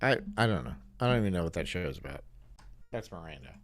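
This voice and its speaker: Male stream host, rambling crude banter, animated pitch, dry voice. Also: quick pace, dry recording. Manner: rambling, laughing at his own jokes, loud bursts.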